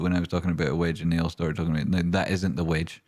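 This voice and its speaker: A man's voice: low-pitched, little pitch movement, quick pace, a little mellow. A man hosting a stock livestream, swearing and ranting, then rambling casually through charts and viewer questions.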